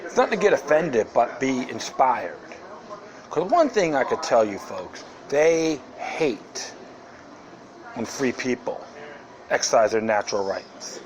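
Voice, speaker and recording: Brief: male podcast host, mid-pitched, rambling and sarcastic, with crowd chatter behind. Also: sing-song, slow pace, low-quality recording. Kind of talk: casual monologue.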